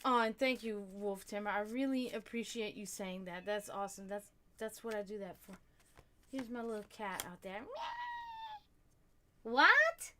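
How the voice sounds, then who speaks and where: A woman's voice: mid-range voice, steady tone, normal speed, noisy background. A woman hosting a casual livestream, chatting with viewers and laughing often as she talks. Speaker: livestream host.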